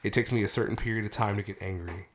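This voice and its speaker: A man's voice: fairly low pitch, fast. A man hosting a casual podcast, ranting animatedly with plenty of cursing. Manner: heated, profane ranting; animated storytelling. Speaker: podcast host.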